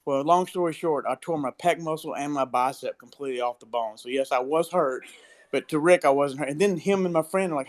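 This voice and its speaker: A man's voice: a little high, a little fast. A man, telling a story as a father in an easygoing, self-mocking way. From Mississippi, US. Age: 50s. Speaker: father sharing a memory. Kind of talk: casual storytelling.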